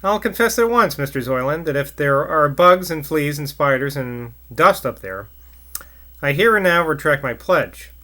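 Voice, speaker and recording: Steady middle-aged mayor, read by a man, slow and emphatic. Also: on the high side. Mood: earnest.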